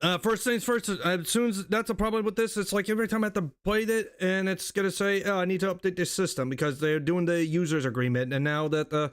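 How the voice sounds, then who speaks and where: A man's voice: high voice, steady tone, quick pace, hardly any pauses, clean tone. A man streaming a video game, chatting casually in voice chat and grumbling about system updates. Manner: rambling, restarts, grumbles at updates. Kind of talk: casual chat while gaming.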